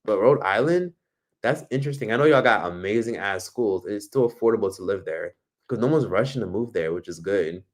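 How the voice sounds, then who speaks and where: A man's voice: lowish voice, expressive, a little fast. A man from Miami hosting a casual livestream, reading comments and giving blunt, profane advice. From Miami, United States. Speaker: livestream host.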